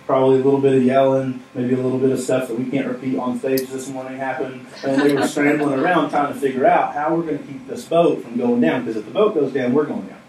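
A pastor delivers a sermon from the stage of a church hall, keeping it conversational and funny while putting questions to the audience. His medium-pitched voice is a little mellow. It was captured from a distance in an echoey room, with faint noise present.

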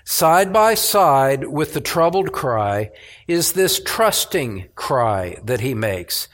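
A man preaching a sermon as pastor, emphatic, with pauses and restarts. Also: medium pitch, sing-song, a bit bright.

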